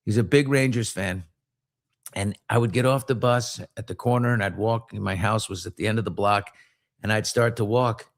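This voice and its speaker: A man's voice: fairly low pitch, moderate pace. A middle-aged man, a podcast host, telling a story in casual chat and acting out voices in it. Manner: animated, acts out voices in his stories.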